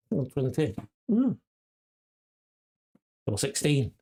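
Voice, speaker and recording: A man talks in a loose, offhand way as he practices darts on a live stream. He calls out scores half to himself and breaks off to chat with his viewers. His voice sits at an ordinary middle pitch. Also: very animated, very slow, dark tone, breathy edge. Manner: muttering checkout numbers to himself, chatty with viewers. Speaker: darts vlogger. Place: home darts room.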